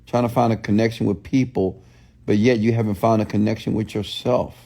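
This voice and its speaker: Gravelly, mellow-voiced man preaching motivation. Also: fairly low pitch, steady tone, brisk. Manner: preachy, repetitive call-and-response questions; blunt, scolding. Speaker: motivational speaker. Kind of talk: motivational livestream talk.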